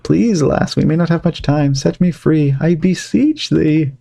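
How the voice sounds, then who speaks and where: A man voicing a pleading old-fashioned colonial gentleman in archaic speech. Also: a little high, measured pace, gravelly, voice pushed up. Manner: archaic, beseeching.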